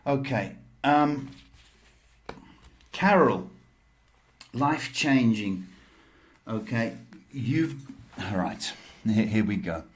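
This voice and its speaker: A man hosting a live psychic tarot stream, giving slow, measured advice with frequent pauses. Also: lowish voice, animated, slight background noise. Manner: slow, measured, motivational advice with many ums. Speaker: psychic tarot reader and host.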